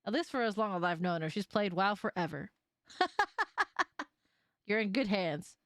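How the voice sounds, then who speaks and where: A young woman streaming a game live and chatting casually, animated, laughing often and swearing now and then. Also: mid-range voice, measured pace, dry recording, studio quality.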